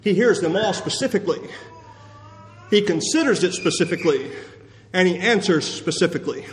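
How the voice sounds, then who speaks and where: A man preaching a sermon to a church assembly in a relaxed, conversational way, chuckling often. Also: sits high, a little hiss or hum. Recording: long reverb of a church hall.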